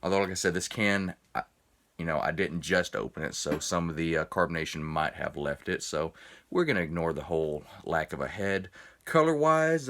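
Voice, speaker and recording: A man with a low-pitched, bright and forceful voice rambles through a casual beer review video. A few drinks in and a little tipsy, he chats away and keeps interrupting himself.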